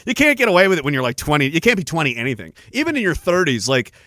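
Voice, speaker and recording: A man's voice: fairly high pitch, huge pitch swings, racing, sharp tone, no echo, studio quality. A man in his thirties hosting a solo podcast, ranting in a rambling, profane, self-mocking way. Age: 30s. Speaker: podcast host.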